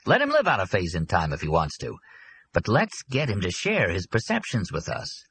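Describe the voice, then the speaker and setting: A man voicing a pushy, excitable middle-aged businessman who talks impatiently and blurts out his ideas in an audiobook. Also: low voice, normal speed, slightly rough, exaggerated voice. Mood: excited.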